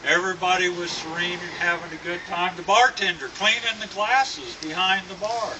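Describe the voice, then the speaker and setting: A man slowly telling a long cowboy joke as a storyteller. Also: high voice, steady tone, far from the mic, background noise. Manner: slow, drawn-out storytelling. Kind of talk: telling a tall-tale joke.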